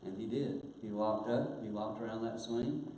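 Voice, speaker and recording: An older man telling a personal story in a sermon, earnest, growing hushed at painful moments. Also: fairly low pitch, fairly even intonation, normal speed. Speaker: guest speaker. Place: church auditorium. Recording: very echoey church hall, faint hiss.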